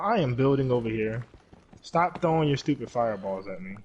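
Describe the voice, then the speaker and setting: A young man giving live gameplay commentary as a streamer, excitable, yelping and swearing at the game. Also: mid-range voice, normal speed, breathy edge, lo-fi sound. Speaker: gaming streamer.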